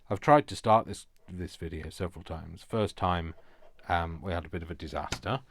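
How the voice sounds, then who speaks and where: Chatty low-voiced man crafting. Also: moderate pace, no room sound. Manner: chatty, rambling, self-mocking asides. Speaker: craft vlogger. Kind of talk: casual crafting chat.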